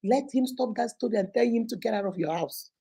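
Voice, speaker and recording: A middle-aged Nigerian woman, a teacher and host, giving an animated, preachy motivational talk sprinkled with Igbo phrases. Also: on the high side, a little fast, husky.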